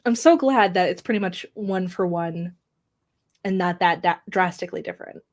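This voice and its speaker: A woman co-hosting a podcast, talking excitedly about a book she loves in casual chat. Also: fairly low pitch, normal speed. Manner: excitable, gushing fan. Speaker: podcast co-host.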